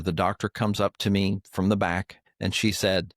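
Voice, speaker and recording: A man's voice: low-pitched, flat delivery, normal speed, hardly any pauses, dry recording, studio quality. An older man co-hosting a podcast, telling a personal faith story in an earnest, emotional way. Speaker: podcast co-host. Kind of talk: heartfelt storytelling chat.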